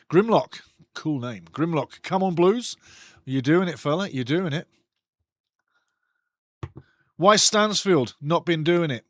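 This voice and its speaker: A man hosting a live football watch-along, commentating excitedly on the match and chatting with viewers' comments. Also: on the high side, takes it slowly, long pauses, no echo.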